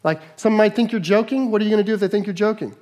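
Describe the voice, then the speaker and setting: A male pastor preaching a sermon, animated, moving between quiet asides and raised, emphatic lines. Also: high voice, very fast.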